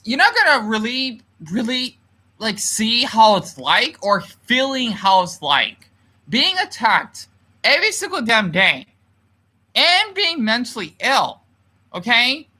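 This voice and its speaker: A man's voice: high-pitched, sharp tone. A man ranting emotionally on a livestream and reading viewer comments, swearing often and restarting his sentences.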